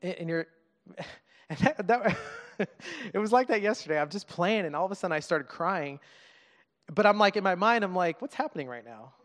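Brief: man in his thirties, church preacher, higher-pitched voice, earnest and chatty, long hall reverb. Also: a bit bright. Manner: earnest, conversational, halting with restarts and laughs. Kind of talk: sermon.

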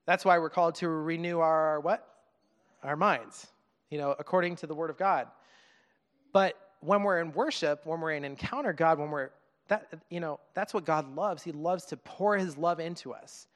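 A man's voice: on the high side, fairly bright tone. Earnest man preaching in a reverberant hall. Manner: earnest, conversational, halting with restarts and laughs. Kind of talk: sermon. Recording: long reverb of a large hall.

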